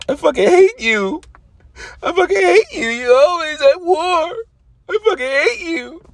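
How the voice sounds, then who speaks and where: A man voicing a furious, tearful woman, a soldier's wife yelling at her husband. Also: extremely high pitch, lively intonation, unhurried, no echo, pitched above the performer's own voice, exaggerated voice. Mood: screaming, tearful.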